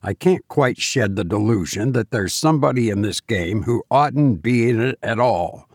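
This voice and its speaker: A man reading a ghost story aloud, voicing a hushed, uneasy young woman who talks in a soft, confiding whisper. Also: medium pitch, expressive, normal speed, no room sound, studio quality, close to an everyday voice.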